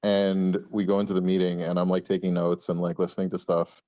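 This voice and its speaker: A man from Canada with a low, deep voice, trading anecdotes on a podcast. He talks in a loose, chatty way, filling his sentences with "like" and small laughs. The recording is dry and close. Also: monotone, fairly quick, warm tone, no echo. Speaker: co-host. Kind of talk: casual podcast chat.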